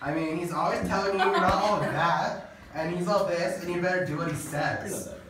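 A man playing a sassy, churchgoing teenage girl with a drawling valley-girl manner and deadpan asides. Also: high-pitched, moderate pace, over a noisy crowd, lightly acted. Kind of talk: comedy skit acting. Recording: echoey room, far from mic, faint noise.

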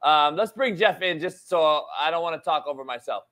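A male sports talk host speaks with a slightly higher-than-usual voice, live on his show. He delivers the news in an animated, emphatic rush, drops casual swear words and repeats his key points to drive them home. His tone is loose, off-the-cuff commentary rather than scripted reading. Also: moderate pace.

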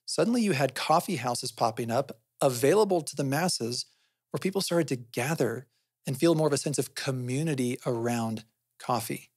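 A man's voice: mid-range voice, lively intonation, normal speed, darkish tone, husky, no room sound, studio quality. A man hosting a podcast, explaining things in a conversational way and often asking himself questions, then answering them. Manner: often adds "right?" as a tag. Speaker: podcast host.

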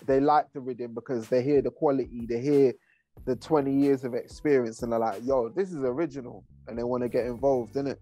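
Man, thirties, relaxed slangy interview talk, mid-pitched voice, faint music underneath. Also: a little fast. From England. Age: 30s. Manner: laid-back, heavy slang, rambling asides. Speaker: guest rapper and producer. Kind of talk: casual interview chat.

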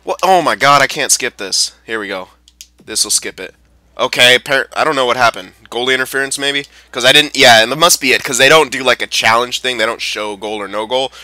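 A young man giving excitable, swearing live commentary while playing a video game. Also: medium pitch, a little fast, no echo. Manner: excitable, swears and yells at players. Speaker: gameplay commentator.

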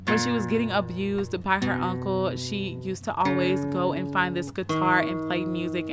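A woman casually narrating her life-sim gameplay as a video host, chatting to her viewers. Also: mid-range voice. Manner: chatty, addresses viewers as "you guys". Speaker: gaming YouTuber. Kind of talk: casual let's play commentary.

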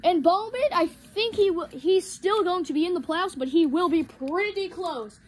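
A woman calling toy car races as commentator, rushed and excitable, rising to shouts at each finish. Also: very high-pitched, slight background noise. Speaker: race commentator. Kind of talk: hobby race commentary.

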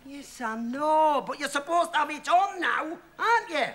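A man's voice: very high-pitched, expressive, normal speed. A man, one half of a comedy double act, playing the bossy, exasperated straight man in a scripted sketch. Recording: noisy TV studio with loud audience laughter.

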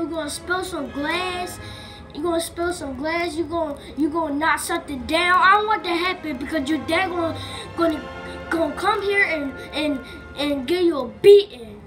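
A woman voicing a stern parent who nags loudly and repeats herself. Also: extremely high pitch, moderate pace. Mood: scolding. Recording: clear music behind.

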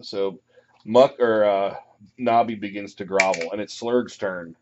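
A man running a tabletop game as game master, narrating with animated, sudden loud outbursts, on a dull lo-fi recording. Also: lowish voice, a little slow, a little hiss or hum.

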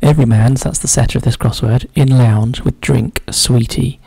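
A man's voice: mid-range voice, steady tone, moderate pace, vocal fry, warm tone, slightly rough, no echo, rough recording. A man solving a crossword aloud, musing and muttering clues half to himself. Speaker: crossword solver. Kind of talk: thinking aloud while solving a puzzle.

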